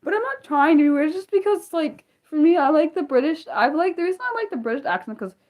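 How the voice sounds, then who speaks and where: A young American woman hosting a casual livestream, excitable and apologetic, talking back to her chat with many restarts. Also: high-pitched, fast. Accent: American, Maryland. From United States. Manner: excitable, apologetic, lots of restarts and self-corrections. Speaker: livestream host.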